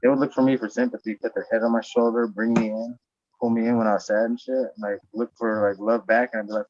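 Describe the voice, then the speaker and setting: A man's voice: medium pitch, level tone, fast talker, darkish tone, no echo. A man in casual podcast chat, profane and rambling, raising his voice when he acts out what he said. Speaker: podcast host. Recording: dull lo-fi sound.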